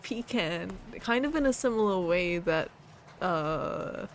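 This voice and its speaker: A woman's voice: lowish voice, expressive, a little slow, a little hiss or hum. A woman streaming casually, reading viewer submissions aloud and repeating words with a playful laugh.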